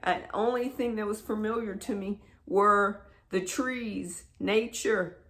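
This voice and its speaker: A woman speaking at an unhurried, drawn-out pace with a gravelly fry in her voice. She tells a personal story as a spiritual teacher. She often repeats words and sinks into hushed whispers. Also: medium pitch, steady tone. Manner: halting, repeats words, drops into soft whispers.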